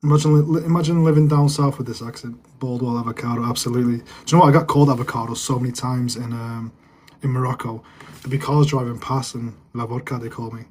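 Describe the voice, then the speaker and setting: A man's voice: mid-range voice, fairly even intonation, fast talker, darkish tone, a little hiss or hum. A young man with a northern English accent, chatting casually on a live stream and answering viewers' comments. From England. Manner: chatty, loose, repeats himself while answering comments.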